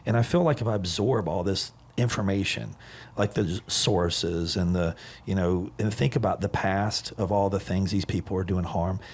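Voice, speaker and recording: A man hosts a casual podcast conversation from a podcast room. His voice sits low and a little husky. He tells stories in an upbeat, energetic way. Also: normal speed. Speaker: podcast host.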